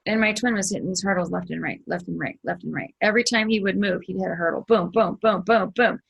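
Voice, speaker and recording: A woman's voice: on the low side, fast talker, vocal fry, fairly bright tone, breathy edge, lo-fi sound. A middle-aged woman hosting a spiritual channel, telling a story casually, swearing freely and acting it out with sound effects.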